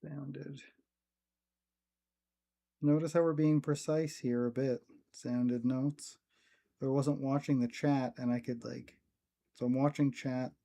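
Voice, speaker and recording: A man's voice: mid-range voice, steady tone, normal speed, mellow. A man teaching guitar on a live stream, casual and rambling, with many ums.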